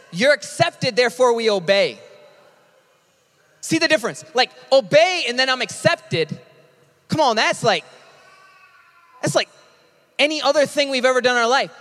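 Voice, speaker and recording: High-voiced pastor preaching in a hall. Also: male voice. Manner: animated, conversational, with quick asides and acted-out quotes. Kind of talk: sermon.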